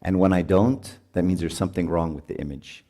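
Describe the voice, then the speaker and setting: Lively middle-aged man preaching, dark voice. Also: sits low, a little fast. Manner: animated, acts out parent and child voices. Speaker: priest. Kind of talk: retreat sermon.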